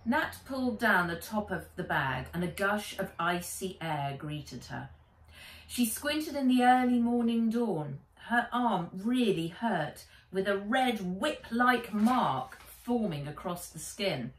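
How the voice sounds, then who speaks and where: A woman author reading her children's book aloud in an expressive, animated way, recording in a small shed. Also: medium pitch, slow. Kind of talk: storybook read-aloud. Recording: echoey room, mic a bit distant.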